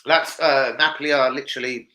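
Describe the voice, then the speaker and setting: A man's voice: mid-range voice, fairly even intonation, fairly quick, heavy background noise. A young man, hosting a casual football livestream, rambling and swearing in street slang. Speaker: football channel host.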